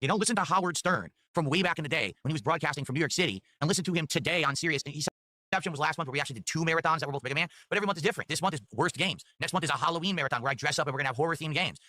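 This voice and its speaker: Rapid-fire, sharp-voiced man in his forties. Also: a little high, animated, no echo. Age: 40s. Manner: rapid, profane, defensive rants. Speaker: streamer. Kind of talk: livestream talk answering viewer tips. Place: home streaming setup. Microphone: desk microphone.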